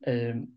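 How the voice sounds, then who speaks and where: A young man co-hosting a podcast, telling a story in a slow, low-key and hesitant way. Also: dull audio. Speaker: podcast co-host. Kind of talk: casual storytelling chat.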